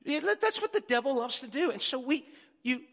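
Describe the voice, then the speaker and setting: A middle-aged man preaching a sermon as pastor, animated and joking with the congregation. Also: very high voice, fairly quick, creaky, long reverb tail.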